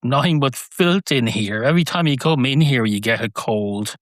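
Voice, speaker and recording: A man's voice: medium pitch, moderate pace, no echo, clean studio sound, natural voice. A man voicing a fussy, prim female schoolteacher with a prissy, scolding manner.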